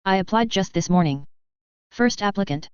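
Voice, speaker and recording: A woman's voice: mid-range voice, lively intonation, normal speed, clean tone, no echo, muffled recording, close to an everyday voice. Lisping eager little snake alien, read by a woman. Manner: warbling, bursting with enthusiasm.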